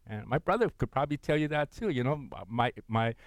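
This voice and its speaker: A middle-aged man preaching a sermon in a playful, animated way, swinging between loud bursts and hushed asides. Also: medium pitch, fast, dry recording, poor audio. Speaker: pastor.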